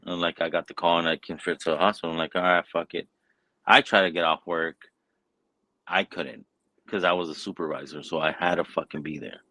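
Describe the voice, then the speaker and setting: Telling a story in a loose, meandering way, this man has a very deep voice and curses nonstop, much like an easygoing, unscripted podcaster. He speaks briskly, with no room sound and poor audio quality, in a casual chat.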